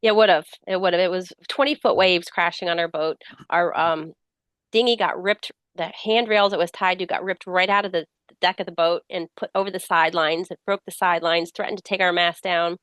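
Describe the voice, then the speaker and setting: A woman's voice: fairly low pitch, brisk, dry recording. A middle-aged woman author, a guest with a slight cold, telling stories and acting out what people said. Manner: lively storyteller who acts out quoted dialogue. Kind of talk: casual interview storytelling.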